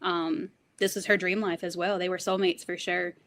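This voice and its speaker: A woman guest on a podcast interview, telling personal family stories in a lively, storytelling way. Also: lowish voice, a little hiss or hum. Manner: fast, animated storytelling, quotes others' voices. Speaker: guest, wrestler's granddaughter.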